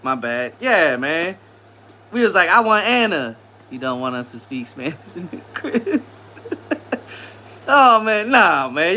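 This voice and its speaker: Chill guy w/ on a live stream, bright voice, pitch all over the place, laughing with chat. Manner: laid-back slangy banter, laughs often.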